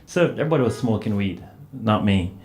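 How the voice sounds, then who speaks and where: A man from Jamaica with a Jamaican accent, telling anecdotes as a panelist, animated and full of "you know" fillers. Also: lowish voice, fairly quick. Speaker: panelist author. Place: event hall at a book festival panel. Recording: roomy hall sound with faint noise.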